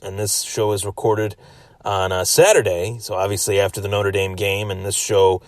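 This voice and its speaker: Chatty low-voiced sports podcast host. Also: male voice, steady tone, moderate pace, no echo, studio quality. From Western New York. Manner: chatty, repeats phrases and restarts. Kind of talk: solo sports podcast recap.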